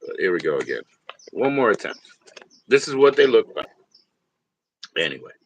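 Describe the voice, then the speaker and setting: A man's voice: lowish voice, big pitch swings, normal speed, no room sound. A man hosting a livestream in casual chat, rambling and profane, laughing often and talking straight to his viewers. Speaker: livestream host.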